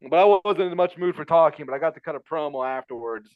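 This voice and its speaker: A man's voice: a little high, fast, dry recording, narrow, tinny audio. A man telling a personal story in casual chat, rambling and repeating himself with lots of fillers. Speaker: podcast guest telling a story.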